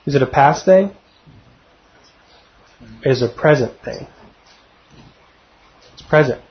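A man's voice: medium pitch, animated, slow pace. A middle-aged man teaching verse by verse through a Bible passage, conversational and often putting questions to his listeners. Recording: dull lo-fi recording.

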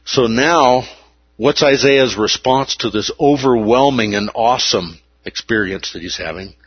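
Husky preacher man, emphatic. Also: mid-range voice, measured pace, no room sound, lo-fi sound. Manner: emphatic, repeats key words. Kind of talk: sermon.

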